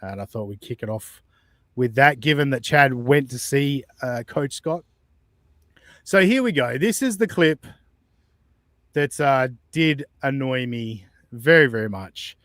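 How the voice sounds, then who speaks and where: A man's voice: mid-range voice, lively intonation, unhurried, a bit bright, no room sound, clean studio sound. A man hosting a podcast, casually reacting to clips, chatty, swearing and incredulous. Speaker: podcast host.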